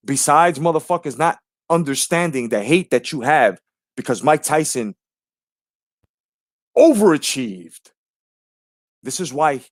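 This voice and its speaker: A man's voice: medium pitch, vocal fry, no echo, clean studio sound. A man hosting a live stream, ranting brashly and profanely while greeting viewers in the chat.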